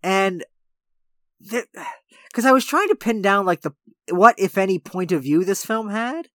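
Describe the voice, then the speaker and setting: A podcast co-host talking through a movie in animated, rambling casual chat, leaning on "like" while building an argument. The voice sits close on a very dry mic. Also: mid-range voice, unhurried, dry recording. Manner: animated storytelling, heavy use of "like".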